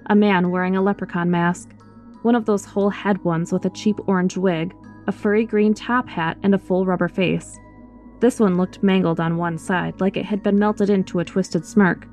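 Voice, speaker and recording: A woman reading a first-person horror story aloud in an expressive, scripted storytelling voice, with faint music behind her. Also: medium pitch, normal speed.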